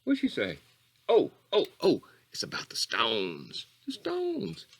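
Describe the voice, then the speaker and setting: A man's voice: wildly swooping pitch, takes it slowly, creaky, slightly rough, full character voice. A man playing a rambling, folksy bayou character with a Louisiana drawl who tells a meandering, mock-earnest story in a comedy monologue. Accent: Southern US (Louisiana bayou). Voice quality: folksy drawl, wildly swooping pitch. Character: rambling bayou man calling himself Coach Catfish.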